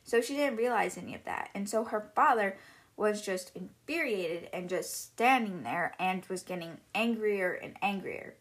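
A woman's voice: medium pitch, normal speed. Casual woman retelling a book. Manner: casual, filler-heavy retelling. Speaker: podcast host.

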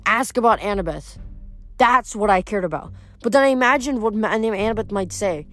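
Woman storybook reader, higher pitch, soft background music. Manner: reads steadily with occasional slips and restarts. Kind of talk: reading a novel aloud.

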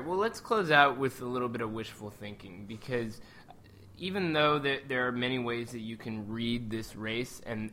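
Bright-voiced male podcast host. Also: medium pitch, slight background noise. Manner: thoughtful, conversational, restarts when building a point. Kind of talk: casual podcast chat about films.

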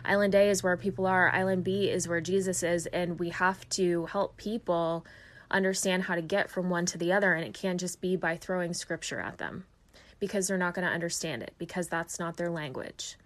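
A woman's voice: lowish voice, steady tone, normal speed. A woman sharing her personal faith testimony in a casual storytelling way. She sounds earnest and heartfelt, sometimes emotional, with conversational fillers and restarts.

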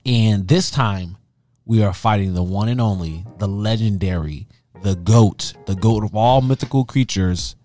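A man's voice: lowish voice, unhurried, faint music behind. Chatty laughing podcast guy. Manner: animated, laughing, rambling with many restarts. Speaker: podcast co-host. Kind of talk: casual chat.

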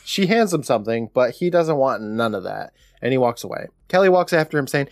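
A man's voice: mid-range voice, animated, a little fast, no room sound, studio quality. A man co-hosting a podcast, recapping a TV episode in a casual, sarcastic, joking way. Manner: sarcastic, jokey storyteller. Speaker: podcast co-host.

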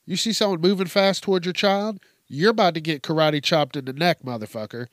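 This host's voice is on the high side and brisk, recorded in studio quality without any room sound. On his casual, profane news commentary show, he relates odd stories animatedly, full of curses and laughter.

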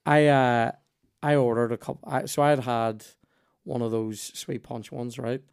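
Man, podcast host, animated storytelling, swears a lot, acts out voices. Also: mid-range voice, moderate pace, creaky, smooth. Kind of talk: casual storytelling chat.

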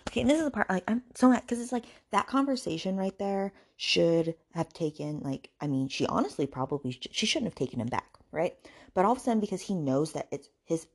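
A woman's voice: on the low side, big pitch swings, brisk, vocal fry, darkish tone, breathy edge. A woman hosting a book podcast, ranting sarcastically about a novel and swearing freely. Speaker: podcast host reviewing books.

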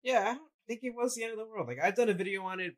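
A man's voice: high voice, very fast, a crowd in the background, low-quality recording. A man co-hosting a casual wrestling discussion, giving opinionated, rambling takes and shrugging points off. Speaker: podcast co-host.

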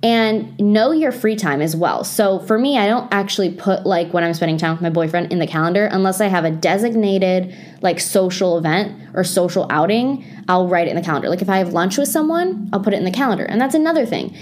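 Young woman, casual advice vlogger, chatty with filler words, mid pitch. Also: expressive, a little fast, darkish tone. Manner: chatty, lots of "like" fillers, self-aware. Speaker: lifestyle vlogger. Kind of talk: casual advice talk to camera.

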